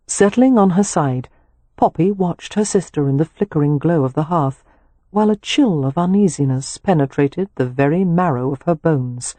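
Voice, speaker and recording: A woman narrating an audiobook in a measured storytelling manner, recorded on a close mic. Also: deep voice, animated, mellow, dry recording. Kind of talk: scripted narration.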